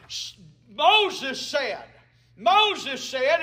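A man's voice: sits high, animated, a little slow, sharp tone, a little hiss or hum. A man preaching a sermon as a pastor, emphatic, with call-and-response to the congregation.

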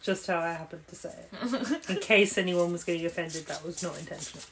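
A woman's voice: on the low side, brisk, a bit bright, slight background noise, low-quality recording. A woman co-hosting a podcast, chatting casually over a card game with dry, wry remarks. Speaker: podcast co-host.

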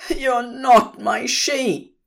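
A woman's voice: medium pitch, lively intonation, slow pace. A woman voicing a frantic, heartbroken man who talks in a pleading, tearful way. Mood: distraught.

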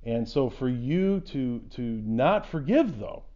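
A man's voice: mid-range voice, expressive, slow pace, warm tone. A man giving an earnest Bible class talk, reading scripture aloud with rising emphasis and explaining it. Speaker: Bible teacher. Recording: dull lo-fi recording.

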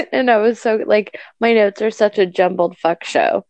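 A woman's voice: medium pitch, a little slow, darkish tone, dry recording, highs cut off. A woman co-hosting a casual podcast, rambling, laughing often and swearing freely. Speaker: podcast co-host.

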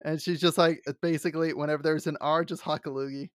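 A man co-hosting a fantasy podcast in casual chat, excitable and laughing often, stumbling over his words. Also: fairly high pitch, quick pace, clear, resonant tone, no room sound, clean studio sound. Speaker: podcast co-host.

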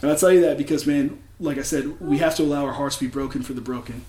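A man telling a personal faith story to a church crowd, earnest and often laughing, going quiet when emotional. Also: fairly high pitch, fairly even intonation, quick pace, echoey room. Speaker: church speaker. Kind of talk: personal testimony.

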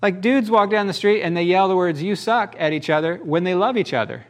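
A man's voice: sits high, fairly quick. A man preaching a sermon in a folksy, conversational way, often asking the congregation rhetorical questions. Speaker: pastor.

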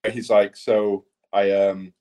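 A man's voice: lowish voice, level tone, slow pace, a little mellow. A man co-hosting a podcast, rambling through sweary stories in casual chat. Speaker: podcast co-host.

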